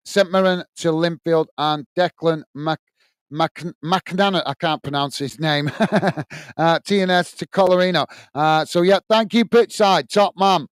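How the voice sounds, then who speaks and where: A British man from the United Kingdom hosts a football fan livestream, casually reading out viewer comments. He's chatty, full of fillers and restarts, with friendly asides to viewers, and his higher voice sounds clear on a dry recording.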